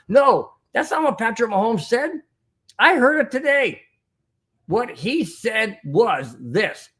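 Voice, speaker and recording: A man hosting a fan podcast into a microphone, his voice sitting a bit higher than most men's. He rambles with indignation, repeats himself and restarts his sentences as he works through chat messages. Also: sing-song, measured pace, a bit bright. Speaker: podcast host reading live chat. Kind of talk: heated sports recap with chat.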